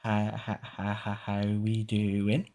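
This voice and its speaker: A man's voice: fairly low pitch, completely flat delivery, slow pace, mellow. A man with a Scottish accent, a VTuber streamer rambling casually to his chat, swearing and laughing often. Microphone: streaming microphone.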